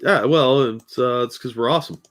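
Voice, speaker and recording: A man's voice: medium pitch, fairly quick, fairly bright tone. A man on as a guest co-host of a streamed chat, laid-back and joking. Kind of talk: casual chat.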